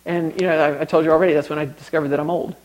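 A man's voice: fairly high pitch, level tone, racing, dull audio. A young man preaching a sermon, telling stories conversationally and building to emphatic exhortation.

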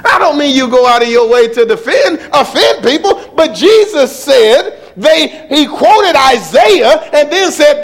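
A man preaching a sermon in an animated, mocking way, swinging from muttered asides to shouts. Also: very high voice, normal speed, vocal fry.

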